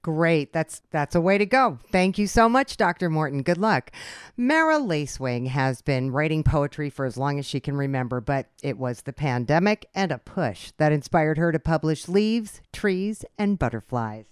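A woman's voice: low voice, lively intonation, moderate pace, smooth, no echo, studio quality. A woman hosting a radio book show, upbeat and encouraging with her guests.

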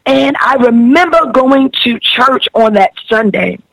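A woman's voice: on the high side, expressive, unhurried, gravelly, fairly bright tone, no room sound, poor audio. A woman sharing a personal faith testimony on a podcast, earnest and emotional, with much repetition.

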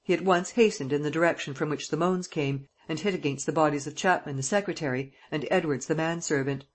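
An audiobook reader narrating a classic novel in a steady, even way. The voice has a husky grain and sits at an ordinary middle pitch. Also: a little fast.

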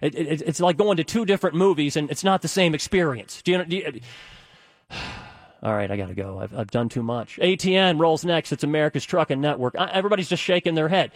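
Rambling animated male radio host. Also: a little high, fast, dry recording, clean studio sound. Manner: rambling, animated, many restarts and fillers. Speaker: radio talk show host. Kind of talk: casual radio talk monologue.

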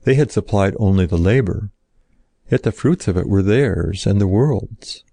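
A man reading an old-fashioned story aloud in a slow, solemn narrating style. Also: on the low side, vocal fry, mellow, breathy edge, dry recording.

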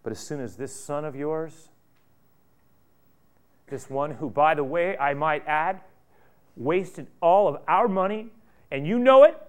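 A man's voice: medium pitch, close to an everyday voice. A man acting out a resentful older brother who complains indignantly to his father. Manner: indignant, rising to loud outbursts.

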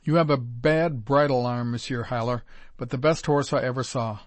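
A man reading as a calm, cultured chief. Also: mid-range voice, normal speed, dry recording, natural voice. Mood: reassuring. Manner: formal, precise speech.

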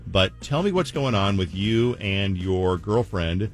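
Male radio host, low voice, animated chatty delivery, faint music bed. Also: a little slow. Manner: animated, incredulous, recaps the caller's story. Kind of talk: casual radio chat.

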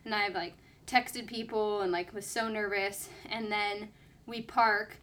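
A woman's voice: mid-range voice, steady tone, a little slow, a bit bright. A young woman telling a personal story in casual chat, full of fillers and acted-out quotes. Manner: chatty, lots of "like", quoting others.

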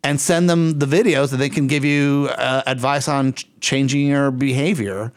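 A man co-hosting a podcast in a casual, energetic, rambling and playful way. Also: medium pitch, normal speed, clean tone. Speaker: podcast co-host. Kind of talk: casual chat.

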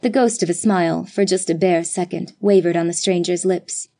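A woman narrating a classic story aloud in a measured, expressive reading style. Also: fairly low pitch. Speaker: audiobook narrator.

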